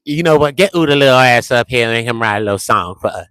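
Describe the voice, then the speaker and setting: A man's voice: medium pitch, animated, fast, fairly bright tone, clear, resonant tone, dry recording, studio quality. A man, rambling casually to the camera in slang, joking and repeating himself.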